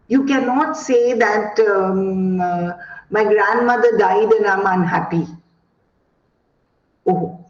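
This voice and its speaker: A woman lectures teachers in an expressive, drawn-out way. Her delivery is slow and deliberate. The call audio is roomy and a little muffled. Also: mid-range voice. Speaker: guest speaker on education.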